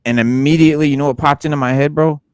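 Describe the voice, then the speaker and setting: A man's voice: on the high side, steady tone, fast talker, darkish tone, clean tone, dry recording, clean studio sound. A married man co-hosting a casual podcast chat, telling stories in slangy, rambling talk with many restarts. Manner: rambling storyteller with restarts, slangy, says bro. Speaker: podcast co-host.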